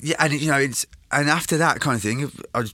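A man's voice: fairly high pitch, brisk, bright, forceful tone, no room sound, clean studio sound. A man telling a long, rambling story in casual interview chat, swearing freely and slipping into voices of the people in it. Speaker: guest.

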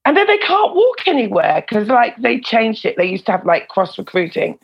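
A woman, a former prison officer and comedian, telling stories in a casual interview, animated and swearing freely. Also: fairly high pitch, moderate pace, creaky, slightly rough, lo-fi sound. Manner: animated, swears freely, laughs between lines. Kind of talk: casual storytelling in a podcast interview.

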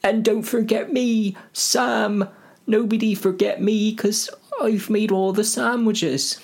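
A man plays an eager, loyal young hobbit in a jokey fantasy retelling. The voice goes high and squeaky. It pleads to be remembered. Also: fairly even intonation, slow, gravelly, heavily acted.

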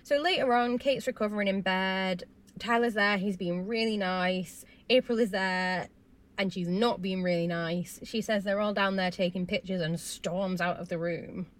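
A woman talking casually to camera as she recaps a reality show. Her voice sits at an ordinary middle pitch. She is chatty and opinionated, reacting with feeling as she goes. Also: moderate pace. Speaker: vlogger recapping a reality TV episode.

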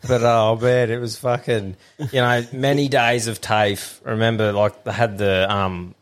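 A man's voice: mid-range voice, fairly even intonation, measured pace. A male podcast host with an Australian accent, telling stories in a blokey, sweary, casual chat.

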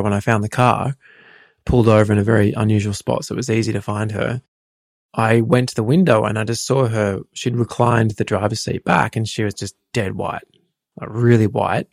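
Calm man with a gravelly low voice. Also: no echo, studio quality. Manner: calm, plain retelling with restarts. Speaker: podcast co-host, husband. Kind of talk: personal storytelling conversation.

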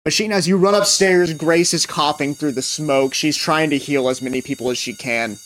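A man running a tabletop game as game master, narrating scenes and calling for rolls in a relaxed way. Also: on the high side, moderate pace, poor audio.

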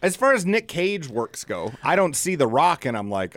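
Profane ranting middle-aged man, higher voice. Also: sing-song, normal speed, fairly bright tone, no echo, clean studio sound. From Midwest US. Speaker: podcast co-host. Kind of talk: casual chat.

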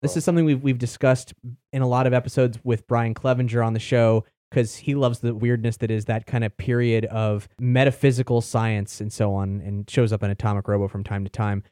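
A man hosts a casual podcast chat. He rambles loosely about what he has been reading and drops in the odd swear word. His voice sits at a middle pitch and is recorded dry. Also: fairly even intonation, brisk, warm tone, smooth, dry recording. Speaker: podcast host reviewing books.

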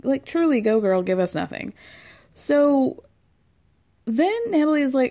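A woman's voice: high-pitched, expressive, a little slow, pauses often, mellow. Chatty sarcastic woman in her thirties. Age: 30s. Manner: chatty and sarcastic, acts out quotes, laughs often. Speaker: podcast host recapping a reality show. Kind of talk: casual chat.

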